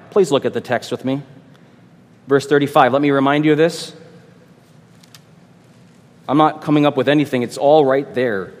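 A man's voice: medium pitch, steady tone, normal speed, long pauses, big-room sound. A man who is a pastor, preaching an expository sermon with emphatic repetition and rhetorical questions.

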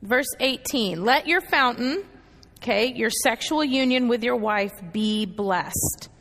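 A woman leads a Bible study in a high, clear voice, working through the passage verse by verse. She keeps checking in with her listeners with quick "okay"s and "right"s. A long reverb trails after her words, as if she is speaking in a large hall. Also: fairly bright tone. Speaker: Bible teacher.

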